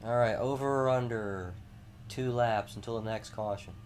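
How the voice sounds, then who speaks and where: A man's voice: mid-range voice, moderate pace, darkish tone, a little hiss or hum. A man streaming a racing game, chatting casually with mild swearing. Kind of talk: casual gameplay commentary.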